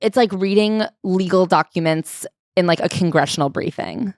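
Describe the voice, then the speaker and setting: Woman co-host, wry and emphatic, slightly low voice, dry close sound. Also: normal speed, darkish tone, no room sound. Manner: wry, emphatic, uses lots of "like". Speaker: podcast co-host. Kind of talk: casual book-club chat.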